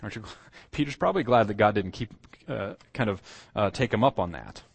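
A man's voice: lowish voice, lively intonation, fairly quick, creaky, breathy edge. A man preaching a sermon as pastor, telling the story with acted quotes, asides and frequent fillers.

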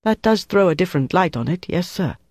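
A man's voice: sits high, expressive, brisk, darkish tone, no room sound, studio quality, pitched above the performer's own voice. A reader voicing a deferential young German soldier who speaks hesitantly to his superior.

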